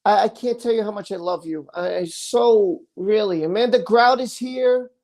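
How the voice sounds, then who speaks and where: A woman's voice: medium pitch, normal speed, a little mellow. A woman hosting a casual livestream, effusively thanking viewers and tumbling over her words. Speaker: livestream host.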